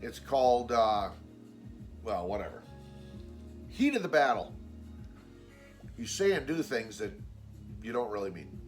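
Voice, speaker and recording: A man's voice: big pitch swings, measured pace, pauses often, faint music behind. A man telling a story in a casual vlog, blunt and exasperated, swearing freely and acting out what other people said. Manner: acts out quoted people with raised pitch. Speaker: vlogger.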